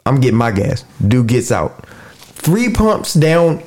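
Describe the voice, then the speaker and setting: A man co-hosting a casual podcast chat, telling an animated story and acting out what people said. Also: medium pitch, slow pace. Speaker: podcast co-host.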